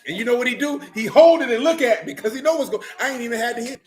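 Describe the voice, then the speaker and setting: A middle-aged man preaching in loose talk, joking and mocking with loud bursts. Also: extremely high pitch, rapid-fire, slight background noise. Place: church meeting room.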